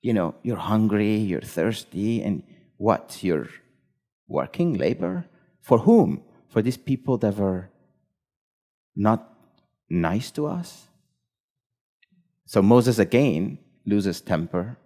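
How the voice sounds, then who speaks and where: A man with a lowish, dark and mellow voice tells a story slowly at a live event. He lays it out in short, measured phrases. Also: lively intonation.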